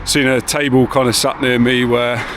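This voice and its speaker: A man's voice: mid-range voice, little pitch movement, moderate pace. Chatty man vlogging outdoors. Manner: chatty, rambling, laid-back with swearing. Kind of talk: casual walking vlog. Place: outdoors on town streets and in a car. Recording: street noise behind.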